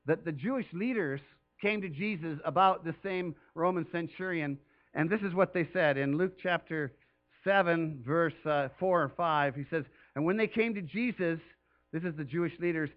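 A man's voice: sits high, lively intonation, fairly quick, highs cut off. A man preaching a sermon as pastor, talking earnestly and conversationally with emphatic rises.

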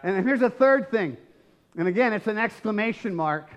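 A man preaching a sermon as pastor, emphatic and rising to shouts, often asking the congregation questions. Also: high voice, animated, normal speed.

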